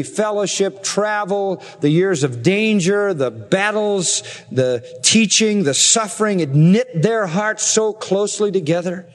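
Earnest preacher in an echoing hall. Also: male voice, fairly high pitch. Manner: earnest preaching, slows and rises for emphasis. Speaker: pastor. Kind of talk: expository sermon. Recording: long reverb of a large hall.

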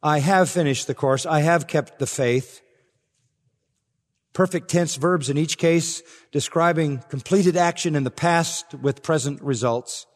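A man's voice: a little high, a little slow. An older man preaching an expository sermon as pastor, rising to emphatic swells. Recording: long reverb of a large hall.

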